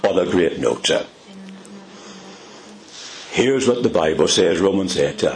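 Older man delivering a sermon with a very lively, sweeping pitch that leaps up high on emphasis and sinks low at phrase ends. He speaks slowly and deliberately, stretching out key words as he tells his congregation stories. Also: slight background noise, rough recording. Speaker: preacher.

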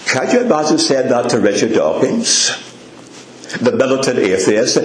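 Animated preacher with a lilting voice. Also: male voice, mid-range voice, moderate pace, slight background noise. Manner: emphatic, repeats questions, gently humorous asides. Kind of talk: sermon. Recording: echoey church room.

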